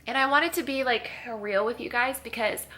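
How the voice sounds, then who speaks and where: A woman's voice: on the high side, normal speed, pushed and bright. A young woman chatting to her camera at home, rambling and confessional, tired and tearful with sniffles. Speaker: vlogger. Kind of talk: casual chat. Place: at home in a kitchen.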